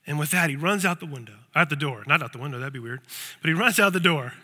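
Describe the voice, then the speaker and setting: A man's voice: on the high side, animated, quick pace, pushed and bright, big-room sound. A male pastor preaching a sermon, telling a story and often repeating words as he thinks.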